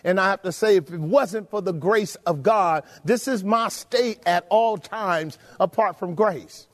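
Male preacher, high voice, emphatic sermon delivery, reverberant hall sound. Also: measured pace. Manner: emphatic, rhetorical questions to the congregation.

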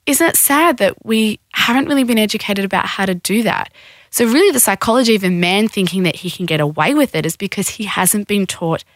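A woman's voice: mid-range voice, lively intonation, no room sound, clean studio sound. A woman, a guest in a podcast conversation, explaining in a frank, matter-of-fact way. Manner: frank, explanatory, acts out quick quoted voices. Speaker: sex educator guest.

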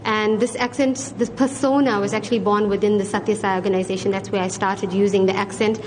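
A woman's voice: mid-range voice, steady tone, fairly quick, a little hiss or hum. Chatty South African woman. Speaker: restaurant owner and singer. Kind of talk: interview. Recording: crowd chatter behind.

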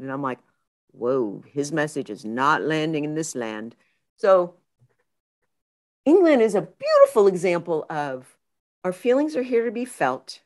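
Lively low-voiced woman therapist. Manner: expressive storyteller who acts out her own inner voice. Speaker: guest, therapist and author. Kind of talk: casual podcast interview.

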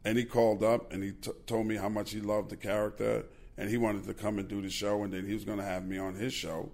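Gravelly New man telling stories. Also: lowish voice, fast talker. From Queens, New York. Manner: animated, profane, joking anecdotes. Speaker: podcast host. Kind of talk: casual storytelling.

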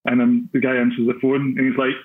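Glaswegian guest storyteller, husky, tinny phone-like line, rambling and self-deprecating. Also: male voice, medium pitch, monotone, fast talker. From Scotland. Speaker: podcaster guest. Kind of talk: casual storytelling.

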